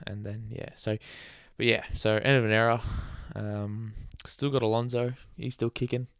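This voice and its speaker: A man's voice: lowish voice, flat delivery, moderate pace, clear, resonant tone, dry recording, clean studio sound. A man hosting a casual solo podcast, rambling and chatty, with sarcastic asides and laughs at his own jokes. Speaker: podcast host.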